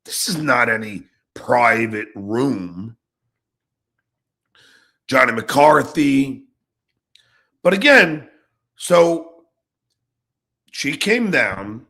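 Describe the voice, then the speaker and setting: A middle-aged man hosting his own podcast, ranting angrily and profanely, jumping between shouts and low mutters. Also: big pitch swings, extremely slow. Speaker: podcast host. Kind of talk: angry ranting monologue.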